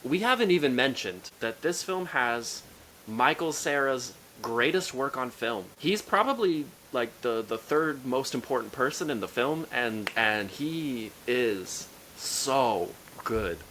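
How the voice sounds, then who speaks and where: Podcast co-host, male, excitable and rambling, light hiss on the track. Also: medium pitch, slow, low-quality recording. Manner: enthusiastic, rambling with restarts. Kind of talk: casual film review chat.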